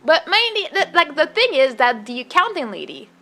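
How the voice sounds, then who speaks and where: A young woman streamer talks in a high voice that swoops up and down. She tells a story in casual, chatty fashion, looping back with fillers and restarts. Her tone is bright and sharp. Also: very animated, normal speed, soft background music.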